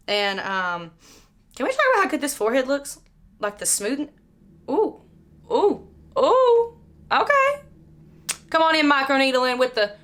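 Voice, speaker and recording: A woman's voice: mid-range voice, bright, forceful tone. A young woman chatting candidly while doing her makeup, swearing freely and filling her talk with "like" and "you know.". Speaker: beauty vlogger. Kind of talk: casual get-ready-with-me chat while doing makeup.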